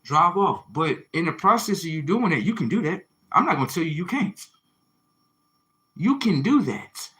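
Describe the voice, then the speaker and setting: A man's voice: on the high side, big pitch swings, moderate pace, pushed and bright. A man hosting a livestream, delivering a confrontational, preachy monologue full of rhetorical questions, slang and swearing. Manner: slangy, swearing, repeats phrases for emphasis. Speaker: livestream host.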